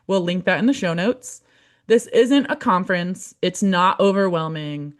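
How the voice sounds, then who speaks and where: A woman's voice: on the low side, normal speed. A young adult woman hosting a podcast, speaking earnestly and encouragingly, at times emotional. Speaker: podcast host, community manager. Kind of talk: heartfelt podcast monologue.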